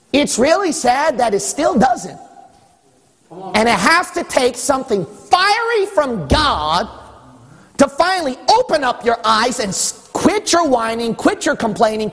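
A man delivers a sermon in a high, husky voice, pressing each point and climbing to shouts. His voice carries a long reverberation, as in a church hall. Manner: emphatic, rising to shouts, acts out voices of God and listeners. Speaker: pastor.

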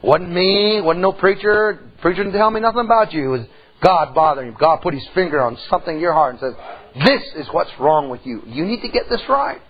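A pastor in middle age, his voice on the high side, preaches a sermon and recounts a personal story with folksy charm. He swings from loud to hushed, and the audio sounds dull.

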